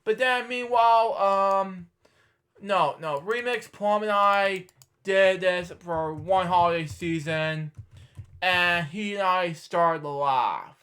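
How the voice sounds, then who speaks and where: A man's voice: sits high, slow, pushed and bright. A man in his twenties, hosting a reaction video, rambling in casual commentary and muttering to himself while he searches. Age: 20s.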